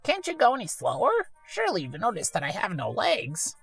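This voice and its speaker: A woman voicing a haughty, fussy male talking hat with a gravelly, husky voice and a prim, lecturing manner. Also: lowish voice, wildly swooping pitch, fairly quick, faint music behind, pitched above the performer's own voice, exaggerated voice. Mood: huffy. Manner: prim, lecturing, old-fashioned phrasing. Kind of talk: let's-play voice acting.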